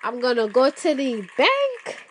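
A woman's voice: high-pitched, wildly swooping pitch, unhurried, slight background noise. A woman hosting a podcast solo, chatting playfully and telling stories straight to her listeners. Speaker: podcast host. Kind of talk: casual solo podcast chat.

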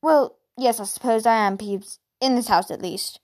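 Stiff formal bookish tutor guy from a storybook, lady reading him, highish voice. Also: moderate pace, lightly acted. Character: mild, bookish man tutor.

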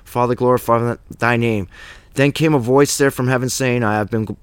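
A man's voice: mid-range voice, fairly even intonation, moderate pace, smooth, dry recording. A man teaching a Bible study in a blunt, emphatic way, with slangy asides between verses.

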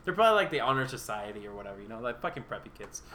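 A man's voice: medium pitch, sing-song, very fast, a crowd in the background. A young man co-hosting a podcast, telling stories in casual chat, swearing a lot and laughing as he talks. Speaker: podcast co-host.

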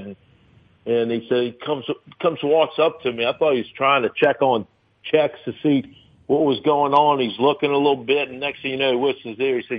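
A man's voice: mid-range voice, fairly even intonation, moderate pace. A man in his fifties from New Orleans, a restaurateur telling rambling stories in a casual interview, with many fillers. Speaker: restaurateur guest. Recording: tinny phone line.

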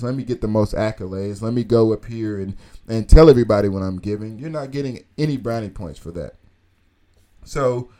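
A man's voice: mid-range voice, mellow. A man giving an earnest, informal teaching talk, asking rhetorical questions and repeating key phrases. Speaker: Christian speaker teaching on tithing.

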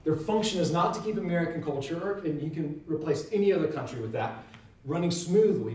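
A man with a fairly high voice gives an earnest, emphatic teaching. He keeps checking in with his listeners. The sound is roomy and echoing, and the mic sits some way off from him. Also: a little mellow, distant mic, a little hiss or hum. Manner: earnest, emphatic, tag question "right?".

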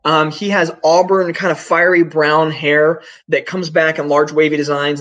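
A man's voice: on the high side, fairly bright tone, poor audio. A man running a tabletop game as game master, narrating casually with many fillers.

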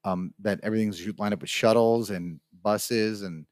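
A man's voice: fairly low pitch, fairly even intonation, normal speed, darkish tone, dry recording, clean studio sound. A man co-hosting a casual podcast chat, telling a rambling anecdote and acting out the people in it. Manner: rambling storyteller, acts out the people in his story. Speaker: podcast co-host. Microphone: studio mic.

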